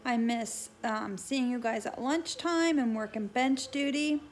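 A woman's voice: on the high side, a little slow. A woman school staff member sending a video message to young pupils, talking with fillers.

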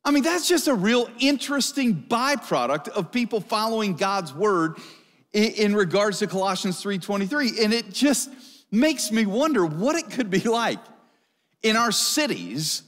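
High-voiced man preaching a sermon. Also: big pitch swings, normal speed, fairly bright tone. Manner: conversational, asks the congregation questions. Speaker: pastor. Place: church service hall. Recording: long hall reverb.

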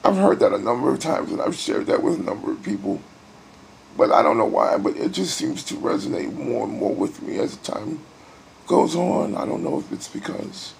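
A middle-aged man in a hospital room, weary and near tears, talking in a personal video diary with sighs and halting pauses. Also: mid-range voice, big pitch swings, vocal fry, slight background noise. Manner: emotional, sighing, halting. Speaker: vlogger.

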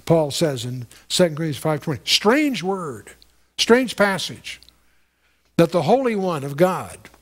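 A man's voice: on the high side, very animated, measured pace. A man giving a conversational, verse-by-verse Bible teaching, stressing points and repeating phrases, lifting his voice when reading scripture.

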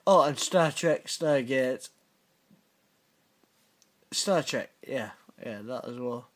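A man's voice: medium pitch, expressive, slow pace. A middle-aged British man hosting a casual reaction video, blunt and sweary with teasing banter. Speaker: channel host reacting to viewer messages.

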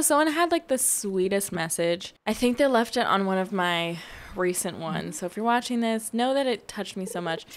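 A young woman chatting casually over a farming game she is playing, rambling and heartfelt as she talks to her viewers. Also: medium pitch. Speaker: gaming video host. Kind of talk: casual gameplay commentary.

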